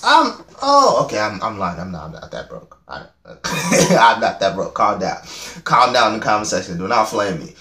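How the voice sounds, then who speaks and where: A man's voice: fairly low pitch, wildly swooping pitch, moderate pace, pushed and bright, reverberant. A young man reacting to a music video, chatting in a rambling, self-mocking way and laughing at himself often. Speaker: reaction vlogger. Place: home room.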